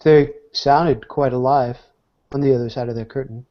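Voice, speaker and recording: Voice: mid-range voice, steady tone, moderate pace. A player in a tabletop game asking the game master questions. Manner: inquisitive, questioning. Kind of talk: casual tabletop play. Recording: dull lo-fi recording.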